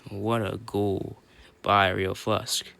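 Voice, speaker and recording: A young man doing casual play-by-play commentary for an online hockey league on his phone, rambling and correcting himself, then shouting when someone scores. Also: on the low side, slow, creaky. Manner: rambling, self-correcting, bursts into excited shouts on goals.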